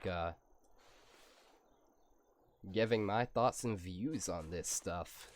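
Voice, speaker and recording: Slow, low-voiced gamer with a stuffy nose. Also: male voice. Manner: rambling, relaxed, drawn-out. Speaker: gaming channel host. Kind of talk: casual gameplay commentary.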